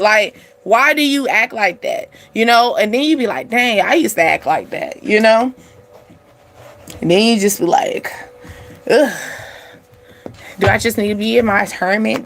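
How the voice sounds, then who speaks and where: A woman's voice: a little high, fairly bright tone. Chatty woman giving a blunt energy reading. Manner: blunt, chatty, frequent asides to viewers. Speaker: spiritual reading channel host. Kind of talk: casual tarot-style energy reading.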